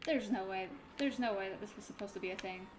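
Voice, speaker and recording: A young woman giving casual let's-play commentary in a chatty, self-mocking way, swinging quickly between giggles and dismay. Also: medium pitch, slight background noise. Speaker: gaming YouTuber.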